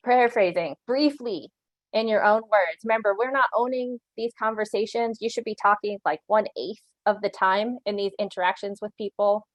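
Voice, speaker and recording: Her mid-range voice moves at a moderate pace as she, an animal control officer, teaches an online training session. She is earnest and instructive, regularly checking in with "right?" and sometimes laughing softly. The recording is rough but echo-free.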